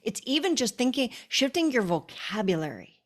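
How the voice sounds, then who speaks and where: A woman's voice: on the high side, big pitch swings, moderate pace. A woman guest on a podcast, explaining her ideas in an earnest, reflective way. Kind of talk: conversational talk.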